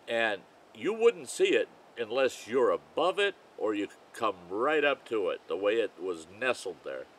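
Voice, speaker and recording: A man's voice: lowish voice, very animated, measured pace, a bit bright, a little hiss or hum, rough recording. Older man spinning a folksy yarn. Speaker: storyteller. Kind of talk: campfire storytelling.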